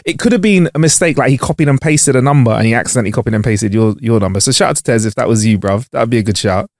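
A young man, co-hosting a casual podcast and joking with quick, stammering restarts. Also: mid-range voice, darkish tone, no room sound, studio quality. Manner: stammering, jokey banter. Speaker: podcast co-host. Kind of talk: casual chat.

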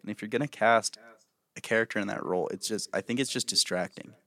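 Young male co-host, gravelly low voice, laid-back and sweary. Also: fast talker, sharp tone. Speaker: podcast co-host. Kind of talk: casual film chat.

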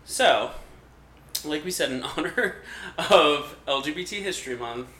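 A man co-hosting a podcast, chatting in a lively, playful way. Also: fairly high pitch, unhurried. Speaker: podcast co-host. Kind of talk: casual chat. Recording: echoey room.

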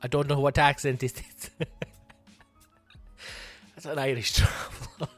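A Scottish man hosting a comedy podcast, ranting in an animated, sweary monologue. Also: medium pitch, measured pace, faint music behind. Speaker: comedian host.

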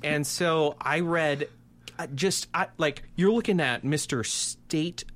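Self-mocking male podcast storyteller, slightly high. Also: slow pace. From Colorado. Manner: self-deprecating, animated storyteller. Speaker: podcast co-host. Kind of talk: casual podcast chat.

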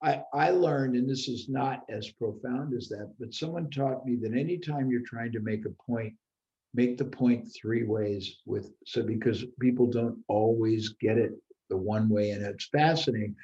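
Recorded with a roomy echo and a lo-fi sound, a middle-aged man speaks at normal speed in a medium-pitched, warm voice. A business owner and former seminar leader, he talks reflectively in casual conversation, repeating his points for emphasis.

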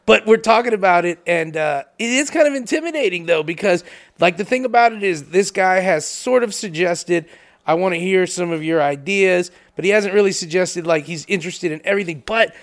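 A man's voice: sits high, lively intonation, a little fast. A man co-hosting a casual chat, trading teasing, laughing banter with his partner. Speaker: podcast co-host.

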